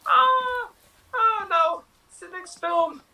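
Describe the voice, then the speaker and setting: Improv bit: a man playing a frantic heroine who is secretly a robot, wailing, bright and far off. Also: high-pitched, a little slow, a little hiss or hum, full character voice. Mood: panicked wailing. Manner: wailing and squealing, then flat robotic menace.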